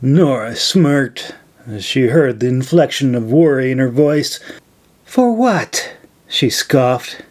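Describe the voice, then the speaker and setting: A man reading his own fantasy novel aloud as narrator, slow and measured. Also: mid-range voice, darkish tone. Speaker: author and narrator. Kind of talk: audiobook narration.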